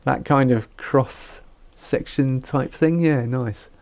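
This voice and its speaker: A man's voice: medium pitch, takes it slowly, darkish tone. A man, giving casual gameplay commentary and rambling as he thinks aloud while building. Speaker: gamer.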